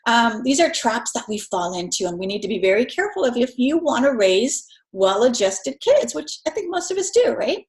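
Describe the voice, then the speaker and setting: A woman with a fairly high voice teaches in a relaxed, conversational way. She slips into quick voices for parents and children as she explains. The sound is roomy and echoey. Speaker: instructor. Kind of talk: recorded lecture.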